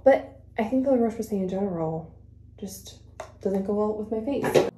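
A woman's voice: medium pitch, lively intonation, normal speed, warm tone. A woman vlogging casually while doing her makeup, a native Spanish speaker who rambles with fillers and restarts and sounds a little out of breath. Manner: chatty, rambling with fillers and self-corrections. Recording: echoey room.

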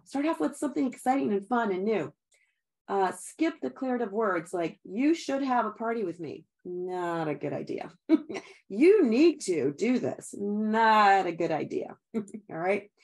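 A middle-aged woman with a fairly high voice gives an upbeat sales training talk. She's chatty and encouraging, laughs often and keeps calling her listeners guys.

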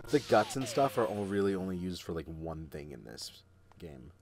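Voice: deep voice, big pitch swings, moderate pace, darkish tone, faint music behind. A co-host chatting casually about the game, laid-back and giggly, explaining how things work.

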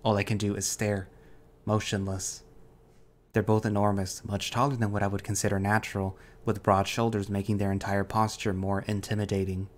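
Man, story narrator, low voice, steady, first-person reading.

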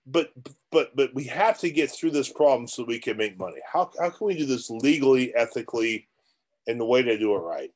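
A man's voice: medium pitch, animated, brisk, darkish tone. A man coaching others on real estate in a motivational vlog. He talks straight at the viewer in a blunt, rambling way and often starts his sentences over. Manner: blunt and repetitive, with many restarts.

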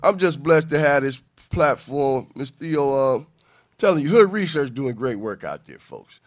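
A man's voice: on the high side, very animated, normal speed. Upbeat man hosting a community talk show. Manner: upbeat, folksy, promotional.

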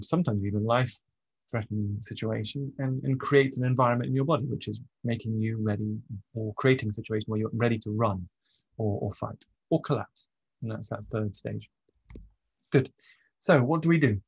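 A man coaching on trauma and stress, explaining in a relaxed, conversational way, with frequent pauses and restarts. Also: mid-range voice, creaky, breathy edge, no room sound, highs cut off. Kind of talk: casual teaching monologue.

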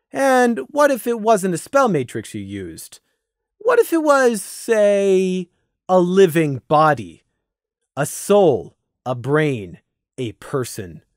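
A man narrating a fan fiction audiobook in an expressive, dramatic reading style. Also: fairly high pitch, no room sound, clean studio sound.

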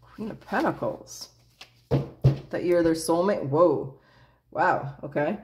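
A woman's voice: lowish voice, takes it slowly, background noise. A woman doing a casual tarot reading in a blunt, chatty way, swearing freely and laughing often. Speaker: tarot reader.

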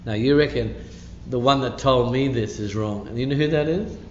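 A pastor's slightly mellow, mid-range voice moves at a moderate pace through his midweek church-hall teaching. He speaks conversationally and with emphasis, tossing in asides and plenty of "you know." The recording is dull and echoey, with a bit of hiss or hum.

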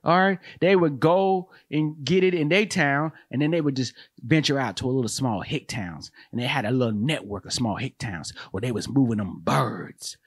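A man's voice: mid-range voice, moderate pace, hardly any pauses, husky, dry recording. A man hosting a podcast, riffing comedically in a rambling way with lots of slang and laughter.

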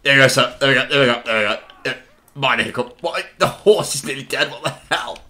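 A man's voice: mid-range voice, brisk, sharp tone. A man playing the officer of an artillery crew over voice chat, with mock-formal orders and flustered stammering. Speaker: gamer commanding an artillery crew.

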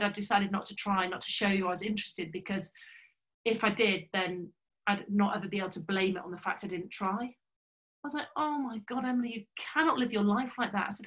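A woman, a former pilot telling a lively story and acting out the voices of the people in it. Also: medium pitch, rough recording. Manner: lively, animated storyteller who acts out voices. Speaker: former RAF pilot and speaker. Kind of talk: anecdotal storytelling in conversation.

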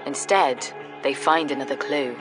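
A woman delivering scripted documentary narration in a steady, grave tone. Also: a bass voice, measured pace, music in the background.

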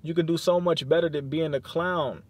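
A man's voice: a little high, steady tone, moderate pace, a little mellow. A young man vlogging from inside his car, talking loose and slangy, peppered with "like" and swearing, tired and sleep deprived. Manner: loose slangy rambling, heavy use of "like", cursing. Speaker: YouTube vlogger. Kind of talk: casual vlog talk to camera.

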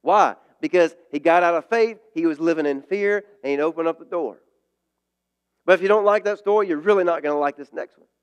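A male pastor delivers a sermon to a congregation. His voice sits high for a man, and his talk is casual and conversational. He drives his points home by repeating short phrases. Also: brisk, clean tone. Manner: conversational preaching with emphatic repetition.

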